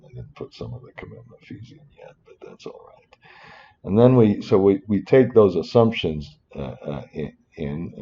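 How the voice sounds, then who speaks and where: Deep gravelly man, rambling and muttering. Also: mellow, highs cut off, slight background noise. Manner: rambling, self-interrupting, muttering asides. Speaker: finance instructor. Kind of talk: screen-recorded spreadsheet tutorial.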